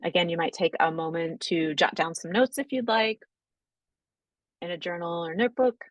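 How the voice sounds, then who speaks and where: A woman teaching breathwork, guiding slow breathing exercises in a gentle, unhurried way, often checking in with "right?". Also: fairly low pitch, steady tone, no echo, poor audio. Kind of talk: guided breathing instruction.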